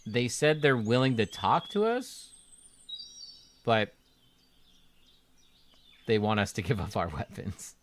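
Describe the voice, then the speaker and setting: A man voicing a calm, diplomatic male adventurer ally with an easygoing, matter-of-fact manner, close to his own voice. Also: fairly low pitch, slow, pauses often, slight background noise. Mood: relaying.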